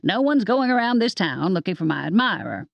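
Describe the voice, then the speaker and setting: A woman's voice: mid-range voice, sing-song, a little fast, gravelly, no room sound, lo-fi sound. A woman voicing a stern older witch grandmother who speaks in clipped, curt lines. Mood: gruff.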